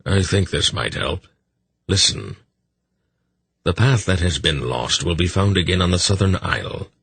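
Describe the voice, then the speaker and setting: A man's voice: deep voice, sing-song, a little slow, creaky, fairly bright tone, slightly rough, no echo, exaggerated voice. A man doing a wry old sorcerer. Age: older.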